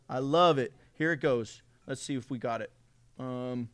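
A man preaching a sermon as pastor in a church, playful and energetic, joking with the congregation. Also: mid-range voice, normal speed. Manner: playful, self-mocking, energetic.

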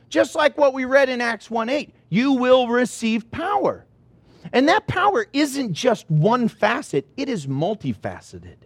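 Animated high-voiced male pastor. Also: no echo. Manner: animated storytelling, gets loud and excited. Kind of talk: sermon.

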